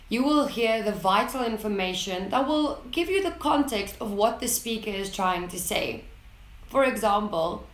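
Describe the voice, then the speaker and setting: A woman teaching English in a scripted lesson, speaking clearly and leaning on the important words. Her voice sits a little high. The room gives it a noticeable echo. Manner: clear, deliberate, stressing key words. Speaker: English teacher, channel host. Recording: roomy echo.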